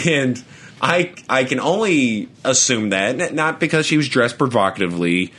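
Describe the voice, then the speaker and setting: With a medium-pitched, fairly bright voice and lively intonation, this young man co-hosts a podcast at a moderate pace. His casual stories ramble, and he often laughs and trips over his words.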